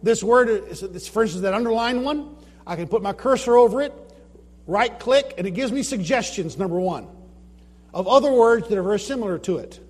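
Speaking a little fast with lively intonation, this man's high voice carries a big-room sound. In an informal talk about translating the Bible, he explains his points, asks the audience rhetorical questions, and shares personal anecdotes.

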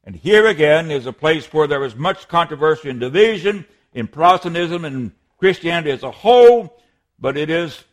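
A man's voice: a little high, animated, moderate pace. A man preaching a sermon as a pastor, earnest and emphatic, sometimes restarting a word.

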